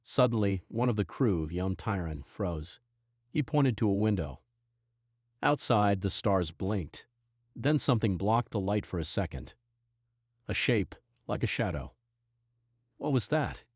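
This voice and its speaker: A male storyteller reading scripted science fiction at a slow, deliberate pace. His voice sits low, with a husky, breathy texture. The sound is dry and close. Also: lively intonation, dry recording. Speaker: narrator. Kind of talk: scripted sci-fi narration.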